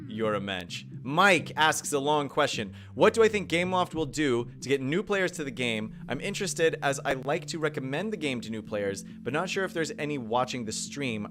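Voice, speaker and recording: A playful man commentating his game live and chatting with viewers. His pitch leaps up and down with excitement. Game music plays clearly behind him. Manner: playful, excitable, talks to chat. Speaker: gaming streamer.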